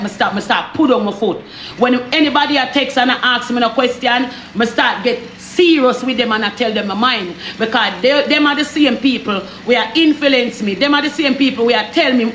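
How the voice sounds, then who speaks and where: A Jamaican woman telling a story in casual patois, animated and repetitive, often asking the listener if they understand. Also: on the high side, a little fast, reverberant, a little hiss or hum. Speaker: storyteller vlogger.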